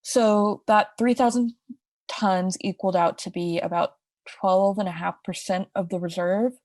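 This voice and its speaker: A woman's voice: mid-range voice, fairly even intonation, measured pace, darkish tone, no room sound, clean studio sound. A young woman co-hosting a podcast, telling a crime story in a casual, chatty way with asides and restarts. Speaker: podcast co-host.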